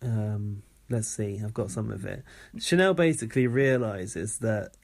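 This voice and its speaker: A man's voice: lowish voice, a little slow, creaky, a little mellow. A man co-hosting a podcast, chatting casually and reading from notes with frequent ums. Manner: reads from notes, hesitant with ums. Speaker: podcast co-host. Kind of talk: casual chat.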